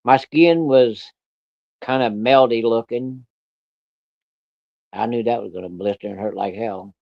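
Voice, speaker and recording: A man's voice: mid-range voice, measured pace, vocal fry, no echo, highs cut off. A man telling a personal story in a casual, plainspoken way, with plenty of profanity. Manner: plainspoken, profane, vivid retelling.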